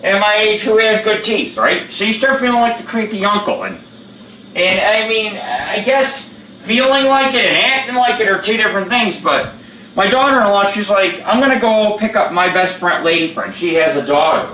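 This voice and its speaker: A man's voice: high-pitched, expressive, normal speed, pushed and bright, distant mic, slight background noise. Blunt rambling older man, echoey room. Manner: blunt, rambling, profane and chatty. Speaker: channel host. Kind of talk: casual how-to vlog chat.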